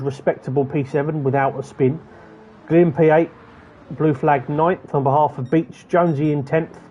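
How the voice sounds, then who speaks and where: A man's voice: a little high, muffled recording, a little hiss or hum. Man commentating a sim race. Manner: chatty, rattles off positions and gaps.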